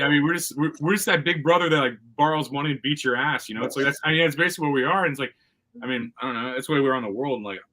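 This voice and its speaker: Fast, bright-voiced blunt man. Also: mid-range voice, poor audio. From United States. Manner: blunt, mocking, full of "I mean" and "like". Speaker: podcast host. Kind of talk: casual podcast chat.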